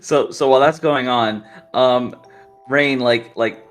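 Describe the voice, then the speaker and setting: A man's voice: mid-range voice, slow. Guy gm narrating a tabletop session, loose and rambly, bit of music under it. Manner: rambling, filler-heavy. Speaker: game master.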